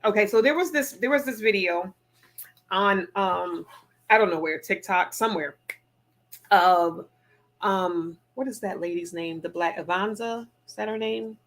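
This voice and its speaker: Bright, emphatic middle-aged woman. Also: mid-range voice. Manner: animated, emphatic storytelling. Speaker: podcast co-host. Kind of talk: casual chat.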